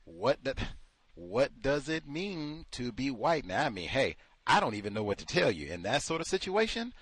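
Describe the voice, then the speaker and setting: Sarcastic male host with a lively voice. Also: mid-range voice, normal speed, breathy edge, no echo. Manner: sarcastic, incredulous, rhetorical questions. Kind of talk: talk show commentary.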